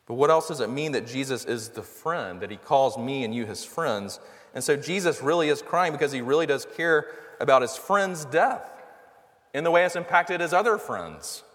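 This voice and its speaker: A man's voice: mid-range voice, expressive, moderate pace, a bit bright. A man preaching a sermon in a conversational, earnest way, full of rhetorical questions. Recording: long reverb of a hall.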